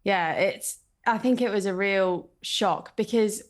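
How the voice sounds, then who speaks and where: A woman talking football as a pundit, earnest and measured. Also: medium pitch. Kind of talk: casual football chat.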